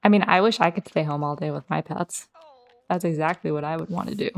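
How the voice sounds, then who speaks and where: Woman host, low-ish voice, easygoing game commentary with asides to her characters. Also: brisk, creaky. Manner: chatty, talks directly to her game characters. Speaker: let's play host. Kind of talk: casual gameplay commentary.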